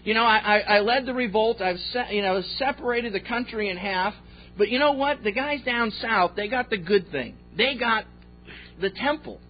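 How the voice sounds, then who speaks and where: A man's voice: sits high, expressive, moderate pace, faint music behind. A man voicing a scheming ancient king who muses worriedly in a conversational way, on a slightly dull recording.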